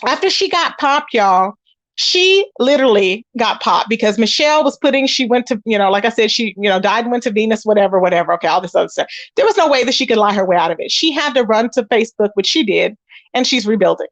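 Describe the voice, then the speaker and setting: A woman hosting a casual commentary channel, animated and sassy, talking straight to her listeners about online drama. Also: on the high side, fast talker, no echo. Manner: animated and sassy, calls listeners y'all and baby.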